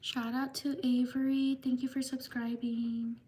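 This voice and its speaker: A woman hosting a livestream, reading viewers' names for shout-outs in a slow, repetitive way. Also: high voice, level tone, slight background noise. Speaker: livestream host.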